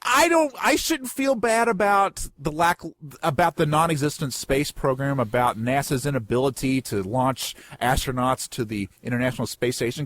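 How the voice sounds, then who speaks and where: A man's voice: medium pitch, moderate pace, fairly bright tone. A man co-hosting a casual comedy podcast, joking and laughing at his own bits. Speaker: podcast co-host.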